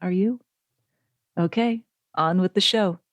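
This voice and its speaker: A woman hosting a podcast interview, enthusiastic and quick to laugh. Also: lowish voice, music in the background. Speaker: podcast host.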